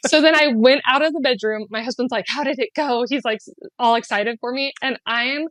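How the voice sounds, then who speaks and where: Middle-aged woman on a podcast telling a heartfelt story, goes up high on quotes, dry close sound. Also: brisk, no room sound. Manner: animated, quoting with raised pitch and laughing. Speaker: podcast guest. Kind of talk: emotional personal storytelling.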